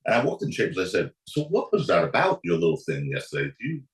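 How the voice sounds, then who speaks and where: A fast-talking man, guesting on a podcast as an attorney, tells a courtroom story and acts out its people with big swings in his voice. His delivery is animated, and the low-quality studio recording has a roomy sound.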